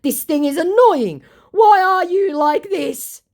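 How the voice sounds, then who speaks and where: A woman's voice: extremely high pitch, lively intonation, takes it slowly, pitched above the performer's own voice, exaggerated voice. A woman putting on the voice of a pleading, indignant male online scammer, whiny and protesting in broken English.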